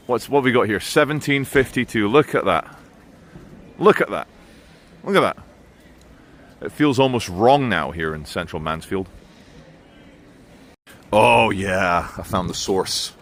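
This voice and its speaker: A man's voice: fairly low pitch, a little hiss or hum. A man giving blunt, sarcastic commentary in a vlog while walking outdoors through town streets. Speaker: vlogger.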